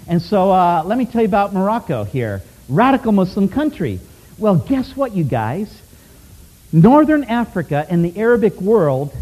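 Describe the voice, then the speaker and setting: A man's voice: high-pitched, dark tone, rough recording. A man teaching a missions class, telling stories and asking the class rhetorical questions in a classroom. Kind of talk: missions teaching talk with storytelling.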